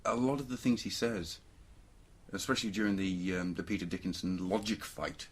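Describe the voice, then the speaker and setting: A man with a husky, low voice chatting casually on a podcast. He rambles through his points, trips over fillers and keeps breaking into jokes. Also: fairly even intonation, normal speed. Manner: rambling, jokey, lots of fillers. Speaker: podcast co-host. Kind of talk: casual chat.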